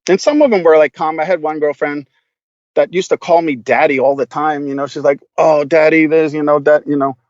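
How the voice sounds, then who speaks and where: A man's voice: fairly high pitch, a little fast, no echo, highs cut off. A man, a podcast guest, telling stories casually in a rambling, profane way, full of fillers. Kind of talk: casual storytelling.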